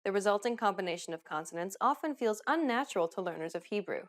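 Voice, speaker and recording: Lively woman teaching pronunciation. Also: medium pitch, quick pace. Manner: upbeat, clearly enunciated instruction. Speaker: language teacher host. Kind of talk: scripted lesson narration.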